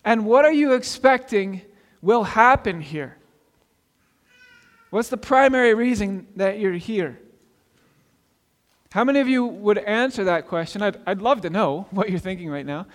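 A man preaches to his congregation in a relaxed, questioning way. His voice sits high for a man. A long reverb rings around him, as in a large church sanctuary. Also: unhurried, long pauses. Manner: conversational, asks the congregation questions. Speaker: pastor. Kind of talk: sermon.

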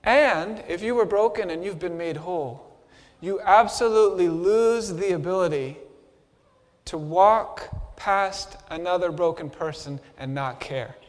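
A man with a high, ringing voice delivers an impassioned first-person sermon, dropping to a hush and then rising to a shout. His voice trails off into the long reverb of a big hall. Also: measured pace. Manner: impassioned storyteller, swings from hushed to shouting. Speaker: preacher.

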